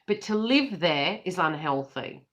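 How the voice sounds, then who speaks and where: A woman's voice: fairly low pitch, expressive, a little slow, fairly bright tone. A middle-aged Australian woman giving a casual tarot reading, chatty and giggly and swearing freely, with birds calling behind her. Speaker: psychic tarot reader.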